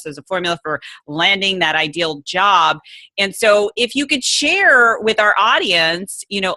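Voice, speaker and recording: A woman hosting a podcast in an enthusiastic, animated way. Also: on the low side. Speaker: podcast host.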